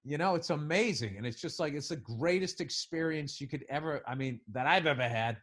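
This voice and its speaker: A man's voice: on the high side, a little fast, fairly bright tone. A middle-aged man co-hosting a podcast, talking in a reflective, hesitant way with the odd swear. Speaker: podcast co-host. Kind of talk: casual chat.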